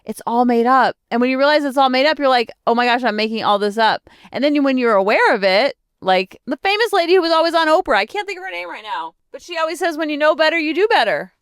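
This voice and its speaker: A woman hosting a podcast, telling a story in a chatty, animated way and acting out her own self-talk. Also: high-pitched, fast, few pauses, no room sound, studio quality. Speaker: podcast host. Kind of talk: casual solo podcast talk.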